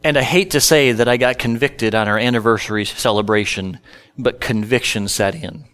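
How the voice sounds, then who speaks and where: A man's voice: mid-range voice, normal speed, fairly bright tone, clear, resonant tone. A middle-aged male pastor telling a humorous personal story in a sermon, self-deprecating and conversational.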